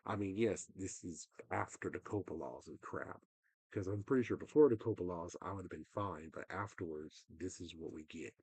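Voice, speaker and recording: A man's voice: low-pitched, normal speed, darkish tone, husky, no echo. A young man livestreaming, talking in a rambling, frustrated way that often trails off. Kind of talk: casual livestream rant.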